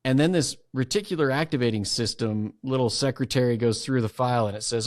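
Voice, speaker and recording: A man's voice: mid-range voice, fairly quick, hardly any pauses, no room sound, clean studio sound. A man guesting on a podcast, explaining ideas in a conversational way and acting out inner voices as he goes. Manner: animated, acts out inner voices while explaining.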